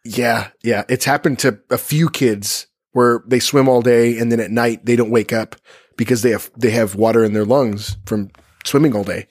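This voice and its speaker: A man's voice: medium pitch, fairly even intonation, normal speed, no echo, studio quality. A man co-hosting a casual true-crime podcast who rambles, stumbles over words and corrects himself as he goes. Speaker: podcast co-host.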